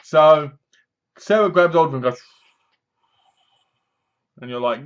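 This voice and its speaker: A man's voice: a little high, expressive, moderate pace, pauses often. A man giving a sarcastic, casual spoken review, often acting out lines in funny voices. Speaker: film reviewer. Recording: dull lo-fi sound.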